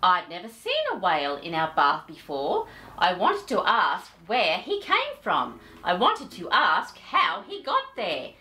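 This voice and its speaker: A woman's voice: lowish voice, huge pitch swings, a little slow, sharp tone, heavily acted. A woman reading a storybook, voicing a young boy who insists he is telling the truth. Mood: insistent. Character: earnest young boy who finds a whale.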